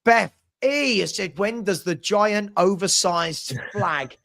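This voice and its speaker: A man's voice: high voice, takes it slowly, creaky, fairly bright tone. A man hosting a casual live watchalong stream, chatty and reading out viewer messages. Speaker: livestream host.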